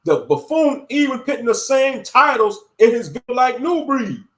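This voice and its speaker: Man, high-pitched voice, blunt heated rant, commentary. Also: very animated, normal speed, fairly bright tone. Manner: blunt, heated, repeats catchphrases. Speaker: YouTube commentator. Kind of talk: ranting commentary.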